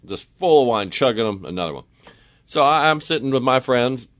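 Radio host, man, animated storyteller, dry booth sound. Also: brisk, no room sound. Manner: lively storyteller, acts out voices with big pitch jumps.

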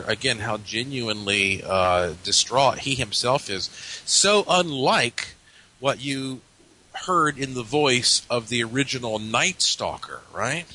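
A man's voice: medium pitch, bright, forceful tone, low-quality recording. A man hosting a talk show, musing aloud in a reflective, hesitant way. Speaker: podcast host. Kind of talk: casual chat.

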